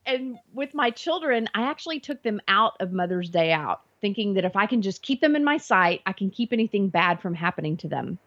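A woman's voice: medium pitch, sing-song, fairly quick, hardly any pauses, fairly bright tone. A woman guest in an interview, earnestly retelling a personal faith experience and acting out her own thoughts. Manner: earnest, vivid retelling with acted inner thoughts. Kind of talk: personal faith testimony storytelling. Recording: dull lo-fi audio.

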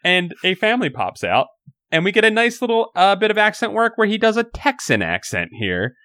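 A man co-hosting a podcast, recapping a story in casual chat, animated and laughing, often swearing. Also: high voice, brisk, dry recording, studio quality. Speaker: podcast co-host.

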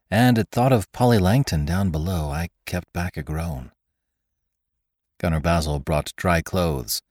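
A male narrator reads an adventure tale in a steady, measured way. His voice sits very low. The recording is dry and close, with no room sound. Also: no room sound. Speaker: podcast narrator. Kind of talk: audiobook narration of an adventure story.

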